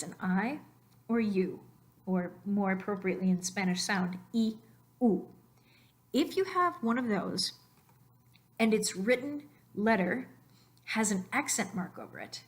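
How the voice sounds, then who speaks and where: A woman at a middle pitch narrates a recorded slide lesson on Spanish pronunciation. She explains step by step and patiently, drawing out the words she wants to stress. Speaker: Spanish teacher.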